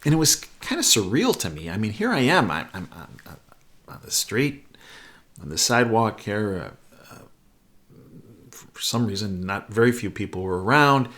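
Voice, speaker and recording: A man's voice: lowish voice, very animated, moderate pace, fairly bright tone. A man hosting a show, telling a personal anecdote in an earnest, conversational way. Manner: acts out both sides of a remembered conversation. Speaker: host. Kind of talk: anecdotal storytelling.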